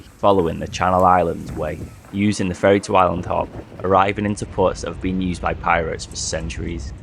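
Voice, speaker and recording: A man narrating a travel vlog and talking to camera while hiking outdoors, in a relaxed, chatty and enthusiastic way. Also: low voice, slight background noise. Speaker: hiking vlogger. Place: outdoors on a coastal hike.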